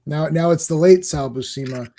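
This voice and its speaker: A man's voice: a little high, normal speed, warm tone, slight background noise. Laughing, rambling man on a podcast. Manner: rambling, laughs often, quotes scenes in put-on voices. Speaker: podcast co-host. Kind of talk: casual comic book discussion. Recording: livestream call.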